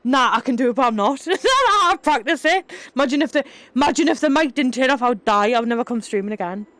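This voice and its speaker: A woman's voice: on the high side, racing, a bit bright, dry recording. A woman, chatting casually with her live chat, laughing often and telling rambling stories. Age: 30s. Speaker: streamer.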